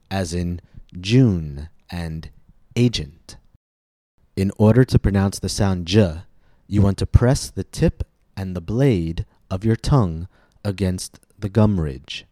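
Deep, mellow-voiced man teaching pronunciation. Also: dry recording, clean studio sound. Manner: slow, deliberate, clearly articulated instruction. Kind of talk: scripted pronunciation lesson.

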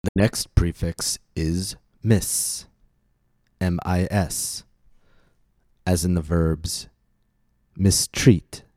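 A man hosting a scripted pronunciation lesson, speaking in slow, deliberate, clearly enunciated drills. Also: deep voice, little pitch movement, warm tone, dry recording, studio quality. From United States. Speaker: pronunciation teacher and podcast host.

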